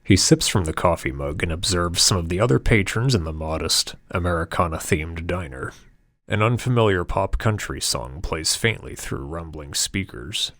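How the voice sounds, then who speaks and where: A man narrating an audiobook in a steady, descriptive storytelling manner. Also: low voice, dry recording, studio quality. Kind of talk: scripted narration.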